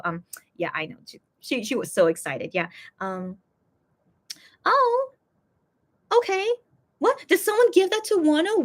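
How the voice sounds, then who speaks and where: A young woman with a somewhat high voice chats casually on a livestream, reading out fan messages. She rambles and stops and restarts often, full of fillers. She sounds emotional, close to tears.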